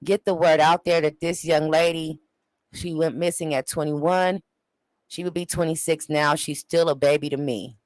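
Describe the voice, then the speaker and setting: A man's voice: a little high, little pitch movement, moderate pace, no room sound, rough recording. A man in his forties hosting a show, making emotional, preacher-like appeals to his viewers. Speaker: show host. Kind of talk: livestream commentary.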